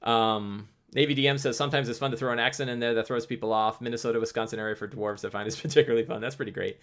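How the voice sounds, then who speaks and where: A man's voice: medium pitch, fairly even intonation, rapid-fire. A man hosting a live stream, answering chat questions in a loose, rambling way with many restarts. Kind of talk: casual livestream talk.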